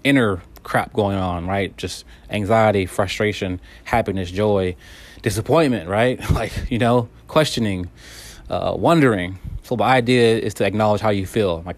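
A man with a fairly low voice speaks calmly and earnestly, coaching the listener through a hard time. He often doubles back on his words and restarts his sentences as he works through his thoughts. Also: a little fast. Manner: calm and earnest, many repeated words and restarts. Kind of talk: candid self-help monologue.

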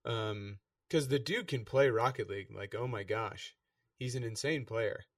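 A man's voice: on the low side, measured pace, no echo, studio quality, recorded from a distance. A man hosting a casual chat, easygoing and full of fillers, thanking his guest. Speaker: podcast host.

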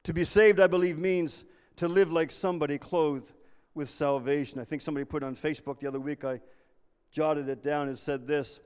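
A man's voice: fairly high pitch, fairly even intonation, fairly quick, a little mellow, clear, resonant tone. A man preaching a sermon as pastor, earnest and repeating himself as he restarts phrases. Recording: long reverb of a large hall.

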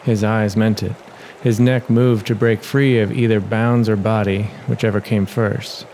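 A man giving a measured, dramatic reading as the narrator of his own audio adventure story, in a noisy home recording. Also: fairly low pitch, little pitch movement, warm tone. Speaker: storyteller and writer.

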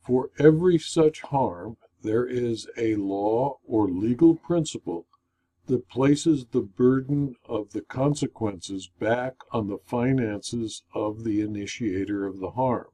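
A man lectures in a slow, unhurried cadence. His voice is mellow and warm, and he reads formal explanatory material in a measured, deliberate style. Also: mid-range voice. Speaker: insurance claims consultant.

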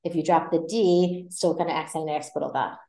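A woman with a fairly low voice talks through a vocabulary lesson at an easy, conversational pace. She pauses on fillers and restarts her phrases now and then, and her voice rings in a noticeably echoey room. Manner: relaxed, explains with many fillers and restarts. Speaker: Spanish teacher and podcast host. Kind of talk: casual explanatory lesson.

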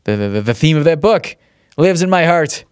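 A man's voice: on the high side, expressive, normal speed, clean tone, no room sound, studio quality. A man hosting a podcast alone, rambling casually, swearing and restarting his sentences, often chuckling between thoughts. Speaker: podcast host. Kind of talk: casual solo monologue.

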